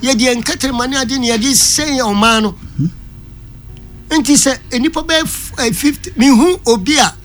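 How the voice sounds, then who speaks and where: Over soft background music, a high-voiced guest with a Ghanaian accent offers unhurried but emphatic, sermon-like Christian commentary on a talk show, alternating between Twi and English.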